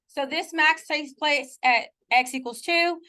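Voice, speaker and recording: A woman's voice: sits high, unhurried, pushed and bright. A woman teaching a math class, talking casually, often checking in with her students and joking about her own slips. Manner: playful self-mocking asides. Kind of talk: classroom lecture.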